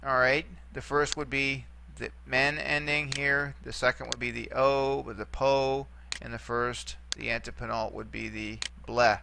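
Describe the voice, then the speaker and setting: A man's voice: medium pitch, steady tone, a little slow, creaky, background noise. A man teaching a lesson, walking through examples patiently and repeating each term. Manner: patient, repeats terms, reassuring asides. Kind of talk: screen-recorded lesson.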